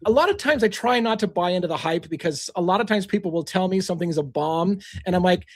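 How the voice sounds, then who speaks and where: A middle-aged man hosting a livestream, short on sleep, telling a story in animated fashion and acting out quotes. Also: high voice, fast talker, few pauses, no room sound. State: tired from lack of sleep. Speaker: livestream host. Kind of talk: casual livestream chat.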